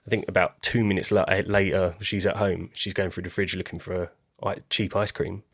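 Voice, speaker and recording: A man with a fairly low voice recaps movie scenes in casual podcast chat. His humor is wry and deadpan, and his retelling is expressive. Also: normal speed, husky, no echo. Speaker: podcast co-host. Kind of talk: casual film review chat.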